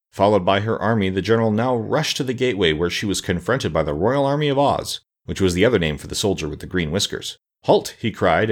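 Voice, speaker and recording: Low-voiced man reading a storybook. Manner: expressive, voices the characters. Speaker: narrator.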